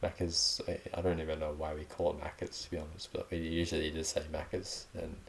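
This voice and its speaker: Young Australian male podcast host, very deep voice, relaxed rambling delivery, light background noise. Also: fairly quick, vocal fry. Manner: rambling, laid-back, many ums. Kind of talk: casual solo podcast chat.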